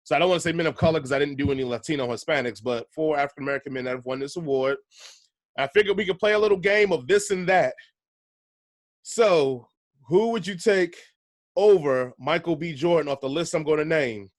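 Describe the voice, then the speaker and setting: A man's voice: a little high, fast talker, no room sound. Laid-back male podcast host, dry sound. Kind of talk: casual podcast chat.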